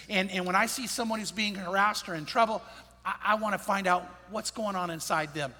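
A man's voice: high-pitched, fairly quick, pushed and bright. A man preaching a sermon in a conversational, storytelling way, repeating his key phrases. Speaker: pastor. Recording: long hall reverb.

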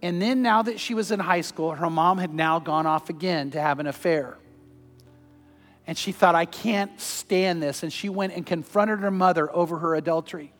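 High-voiced preacher in a big echoing hall. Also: male voice, normal speed, soft background music. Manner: storytelling, earnest, swings from loud urging to hushed tenderness. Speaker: pastor. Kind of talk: sermon.

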